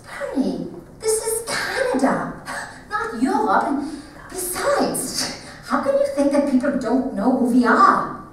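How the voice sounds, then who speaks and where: A woman's voice: very high voice, wildly swooping pitch, slow pace, fairly bright tone, slight background noise, pitched above the performer's own voice, exaggerated voice. A woman doing a fretful German-accented mother. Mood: exasperated. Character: fretful German-Jewish mother, warm, stubborn. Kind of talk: one-woman stage show. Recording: echoey theater from far off.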